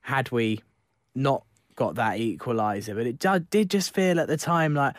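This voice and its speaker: A man hosts a football podcast, steering the conversation with easy questions. His voice sits at an ordinary middle pitch. The recording is dry and close. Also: lively intonation, moderate pace, dry recording. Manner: leads the talk with questions, chatty. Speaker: podcast host. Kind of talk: casual football podcast chat.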